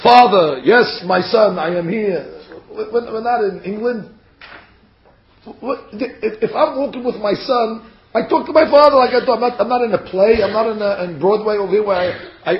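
A man teaching a Torah class, reading verses aloud and acting out the figures' words in a lively way. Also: high voice. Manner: animated, acts out the figures' words. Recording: dull, echoey room.

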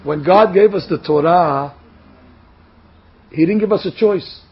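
A man preaching a sermon through a parable, telling the story with fillers and an animated manner. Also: high-pitched, unhurried, husky. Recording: dull lo-fi recording.

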